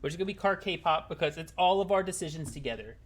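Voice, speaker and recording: Casual male streamer, swears a lot, bouncy high voice. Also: expressive, fast. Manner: rambling, swears freely, talks to chat. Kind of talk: casual live-stream gaming chat.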